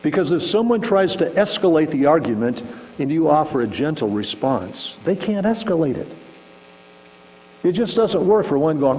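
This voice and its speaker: A man preaching a conversational sermon as pastor, animated and acting out little scenes. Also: fairly high pitch, normal speed. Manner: conversational, animated, acts out shouting examples. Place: church sanctuary. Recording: hall reverb with faint mains hum.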